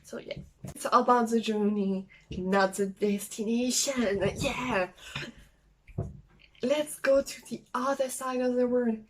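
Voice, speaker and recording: A young woman from France with a French accent, chatting casually and haltingly in a travel vlog, with many fillers. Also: a little high, steady tone, background noise. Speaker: travel vlogger. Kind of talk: casual solo vlog talk.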